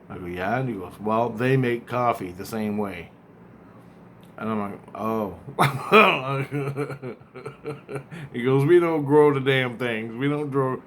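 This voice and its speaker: A man casually retelling a dream, rambling and acting out both sides of the conversation, often halting and repeating words. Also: mid-range voice, slight background noise.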